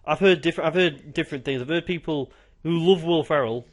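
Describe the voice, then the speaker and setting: A young British man talking quickly and eagerly, rattling through film chat at a brisk clip. His voice sits a bit high for a man, and he jumps into acting out scenes mid-sentence. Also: heavy background noise. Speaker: podcast co-host. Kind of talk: casual chat about films.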